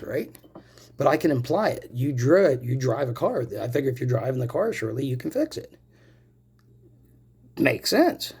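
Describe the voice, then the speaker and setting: A man's voice: mid-range voice, creaky, warm tone, husky. A man in his forties ranting angrily to camera, swearing often and calling out to viewers as "people" while he smokes. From Pennsylvania, US. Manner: angry and profane, addresses viewers as "people"; smoking while talking. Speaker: vlogger. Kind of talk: angry personal rant to camera.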